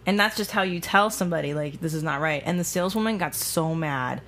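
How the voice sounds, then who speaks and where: A woman co-hosting a casual comedy podcast, chatting in an animated, gushing way. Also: deep voice, fast talker. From Hungarian family. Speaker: podcast co-host.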